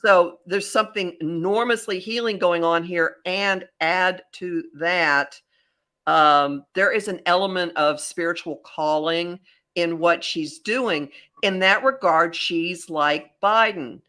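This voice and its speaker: A woman hosting a podcast as a psychic astrologer, talking in a rambling, animated way with many restarts. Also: lowish voice, slow pace. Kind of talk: casual podcast chat.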